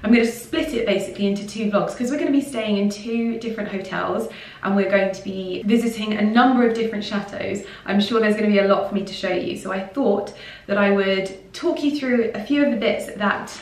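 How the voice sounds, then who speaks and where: A woman's voice: mid-range voice, fairly quick, far from the mic. Bubbly woman vlogger, rambling to a camera held a bit away from her. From England. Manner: bubbly and rambling, with fillers and self-corrections. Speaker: lifestyle vlogger. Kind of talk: casual chatty vlog monologue. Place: indoors at home, mid-packing. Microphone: handheld vlogging camera. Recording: echoey room, voice a little off-mic.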